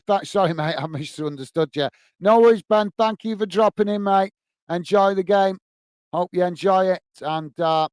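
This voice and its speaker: With a high-pitched, smooth voice and no echo, a man hosts a football watch-along stream in a casual live-stream style. He reads viewer comments aloud and answers them as he chats.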